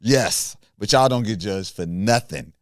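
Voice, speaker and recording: Man, deep voice, smooth and clear, dry close sound, casual podcast talk. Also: measured pace, no echo. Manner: animated, jumps high when riled up. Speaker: podcast host. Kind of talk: casual chat.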